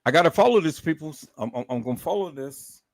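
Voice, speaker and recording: Talking fast in a higher voice with lively intonation, a man hosts a livestream. He's emotional and emphatic, stammering and repeating himself as he addresses viewers as "people".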